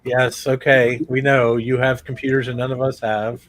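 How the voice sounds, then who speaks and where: A man's voice: mid-range voice, little pitch movement, moderate pace, fairly bright tone, slight background noise. A man chatting on a group video call, teasing the others in a dry way. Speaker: cat owner on a group stream. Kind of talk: casual chat.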